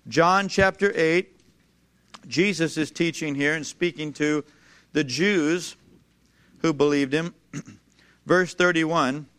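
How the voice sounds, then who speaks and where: Man, preacher delivering a sermon; high, smooth voice, emphatic, draws the congregation in with questions. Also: a bit bright. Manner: emphatic, asks the congregation to repeat lines, slows for scripture. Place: church before a congregation.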